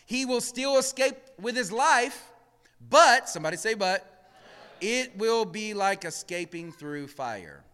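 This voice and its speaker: A male pastor preaching a sermon in a church. He drops to hushed murmurs, then rises to shouted emphasis, and calls on the congregation to answer back. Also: sits high, animated, slow, clear, resonant tone, long reverb tail. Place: church sanctuary.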